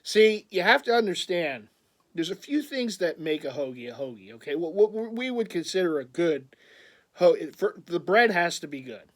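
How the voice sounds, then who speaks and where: A man talks in a casual vlog, his voice sitting high for a man. He rambles and gets excited easily, breaking into frequent laughter. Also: moderate pace. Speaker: vlogger.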